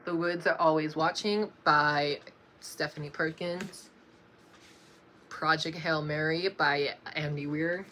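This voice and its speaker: Slow, bright-voiced young woman vlogger. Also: deep voice, fairly even intonation, a little hiss or hum. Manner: slow and unhurried, often apologizing and laughing softly. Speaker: book vlogger. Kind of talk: casual reading-list vlog.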